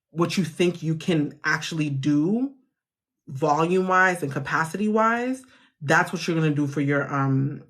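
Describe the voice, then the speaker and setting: A woman's voice: deep voice, a bit bright. A woman hosting a live chat about grant funding, talking casually and reassuringly to viewers, often laughing and restarting her sentences.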